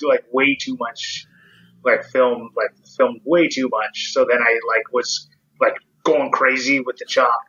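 A man's voice: medium pitch, pushed and bright, breathy edge, muffled recording. A man co-hosting a casual podcast, rambling with plenty of fillers and teasing his friends. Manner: rambling, lots of 'like', teasing. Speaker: podcast co-host. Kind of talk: casual chat.

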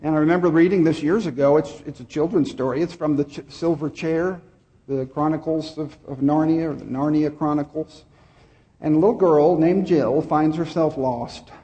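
A man's voice: fairly high pitch, normal speed, warm tone, long reverb tail, lo-fi sound. A male pastor preaching a sermon and then leading a prayer. He speaks earnestly and repeats key phrases for emphasis.

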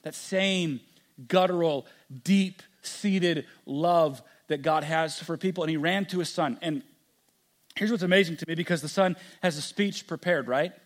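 A man preaching a sermon with passion, acting out the voices in the story and at times dropping to a hushed tone. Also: fairly high pitch, unhurried. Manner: impassioned, acts out the story's voices; drops to a hushed, quiet delivery. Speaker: pastor.

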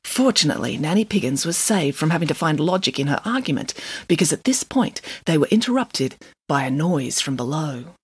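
A woman's voice: sits low, brisk, husky, no room sound. A woman playfully reading a children's story aloud as a storyteller. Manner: playful, lively read-aloud.

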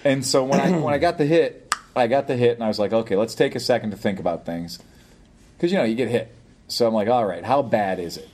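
A man's voice: medium pitch, fast talker, darkish tone. Older man rambling through a story. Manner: rambling storyteller, chuckling often. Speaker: podcast co-host. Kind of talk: casual chat.

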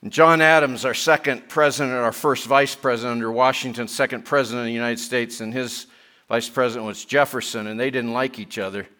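A middle-aged man preaching a sermon, chatty with joking asides, growing louder and higher when he reads and presses scripture. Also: fairly even intonation, fairly quick. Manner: chatty, self-deprecating asides between scripture readings; rising in pitch and force when reading and pressing scripture. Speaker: pastor.

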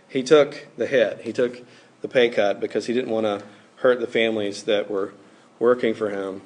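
A man's voice: fairly low pitch, steady tone, normal speed, a little mellow, a little hiss or hum. Man preaching casually to students. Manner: casual, conversational preaching with many fillers. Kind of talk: sermon to students.

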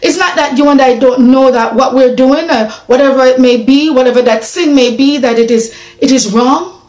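A woman's voice: high voice, moderate pace, darkish tone, echoey room, low-quality recording. A woman preaching a sermon in an earnest, conversational way, asking her listeners questions.

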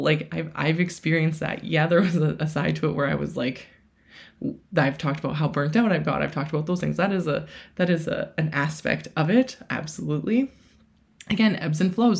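A woman's voice: sits low, gravelly, darkish tone. A woman in her thirties hosting a podcast, talking in a casual solo monologue, chatty with lots of fillers and acted-out self-quotes. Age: 30s. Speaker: podcast host.

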